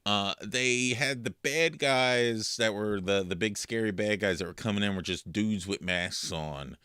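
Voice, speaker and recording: Male co-host, playful banter, low but bright voice, dry close sound. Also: measured pace, clean tone, dry recording. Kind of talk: casual chat.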